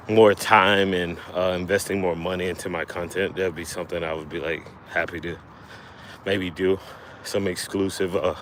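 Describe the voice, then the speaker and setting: Guy with a really low voice chatting on a live stream while fishing, lots of uhs, kinda out of breath. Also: a little hiss or hum. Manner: relaxed, halting, lots of fillers and restarts. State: a little out of breath. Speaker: livestream host. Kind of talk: casual livestream chat. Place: outdoors by the water while fishing.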